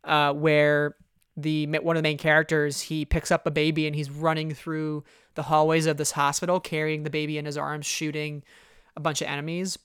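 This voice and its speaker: A podcast co-host chatting casually in a fan recap, animated and rambling, with lots of "you know" and "like". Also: mid-range voice, moderate pace, clear, resonant tone, dry recording, clean studio sound.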